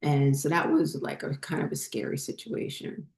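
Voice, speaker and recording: A woman's voice: low-pitched, lively intonation, moderate pace, gravelly, a little mellow, reverberant. A woman hosting a spiritual channel, telling a personal story in a rambling, casual way with many fillers and restarts.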